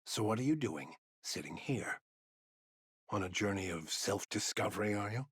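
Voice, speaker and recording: A man's voice: on the low side, expressive, moderate pace, husky, no room sound. An actor playing an aging male commander in a game, with a dry, teasing way of talking. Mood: wry. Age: older. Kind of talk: game voice acting.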